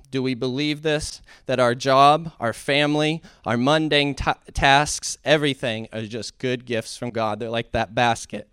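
Guy preaching casually, smooth clear voice, dry close sound, gets fervent at times. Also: mid-range voice, steady tone, a little slow, hardly any pauses, fairly bright tone, no echo. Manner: conversational, rising to fervent emphasis. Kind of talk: informal sermon.

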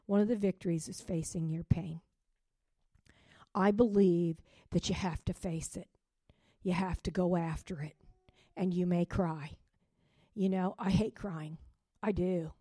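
A middle-aged woman pastor giving an emotional testimony sermon, dropping to soft whispers and rising to loud joyful outbursts. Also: mid-range voice, no room sound, studio quality.

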